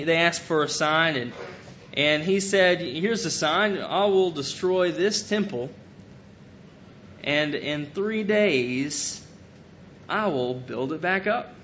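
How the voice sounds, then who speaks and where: A man preaching a sermon, earnestly retelling scripture and paraphrasing it in casual everyday speech. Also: a bit bright. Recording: dull lo-fi recording with faint rumble.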